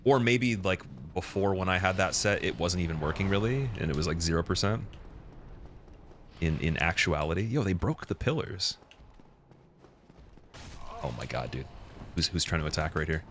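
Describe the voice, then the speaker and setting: A man's voice: low-pitched, brisk, fairly bright tone, a little hiss or hum. A young man streaming a game, chatting casually with a rambling, laughing manner. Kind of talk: casual live gameplay commentary.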